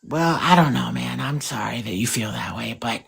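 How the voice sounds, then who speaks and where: A woman's voice: rumbling low, moderate pace, vocal fry, breathy edge. A woman speaking through a hand puppet as a guest in a heated live debate, sarcastic and pedantic. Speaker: panel guest.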